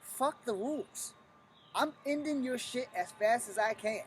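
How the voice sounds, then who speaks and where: A man's voice: very high voice, animated, unhurried, slight background noise. A middle-aged man, a martial arts instructor, giving a blunt, profane, emphatic teaching talk on a live stream.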